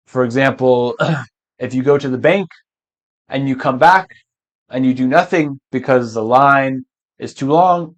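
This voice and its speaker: A man teaching English verbs patiently, often switching to Spanish to explain and clearing his throat now and then. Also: mid-range voice. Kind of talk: language lesson.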